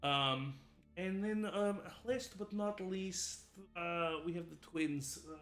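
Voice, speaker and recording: A man's voice: sits high, slow, a bit bright. Man game master, upbeat and chatty, echoey room. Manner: rambling, laughing, many fillers. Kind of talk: narrating a tabletop game. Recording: echoey room with music behind.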